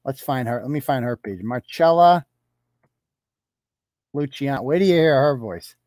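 A man's voice: medium pitch, lively intonation, normal speed, darkish tone, dry recording, clean studio sound. A man hosting a live commentary show, talking in a sarcastic, profane, mocking way. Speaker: host.

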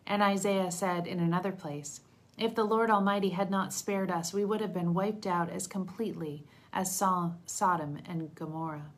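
A woman reads scripture aloud in a lowish voice, steady and measured. She gives the quoted speech a light touch without really acting it out. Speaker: Bible reader.

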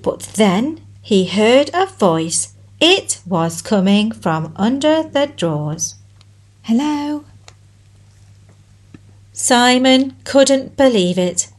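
A woman reading a children's picture book aloud in a gentle, expressive storybook manner. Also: on the high side, takes it slowly.

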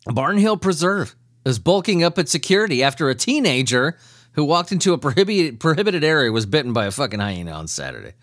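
A man's voice: fairly high pitch, quick pace, dry recording, clean studio sound. A man hosting a comedy news podcast, reading odd stories and ranting with lots of swearing and laughter. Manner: profane, laughing, animated ranting. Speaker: podcast host. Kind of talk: casual comedic news commentary.

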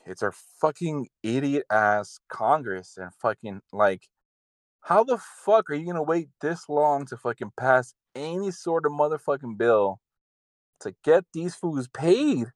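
A man's voice: a little high, lively intonation, measured pace, no echo. A man from California ranting in casual, heavily profane chat over a video call. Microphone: video call over the internet.

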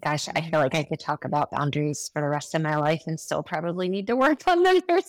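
Podcast host lady, lowish voice, thoughtful questions, dry sound. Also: expressive, fast talker, no room sound. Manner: reflective, asks thoughtful questions. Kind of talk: podcast interview.

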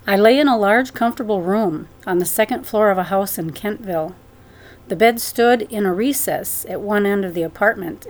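A woman narrating a first-person spiritual memoir as an audiobook, in an earnest, devout, measured manner. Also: medium pitch, a little mellow.

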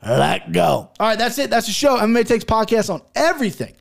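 A man's voice: very high-pitched, expressive, fast talker, gravelly. A man hosting his own podcast, talking through his betting picks in a brash, profane, hyped-up way. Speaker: podcast host giving fight betting picks. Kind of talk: casual solo podcast talk.

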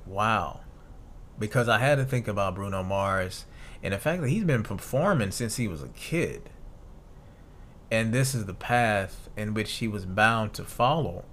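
A man's voice: lowish voice, animated, normal speed, a bit bright, slight background noise. A man in his thirties hosting a solo podcast, reading notes aloud and musing casually, with fillers and restarts. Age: 30s. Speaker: podcast host.

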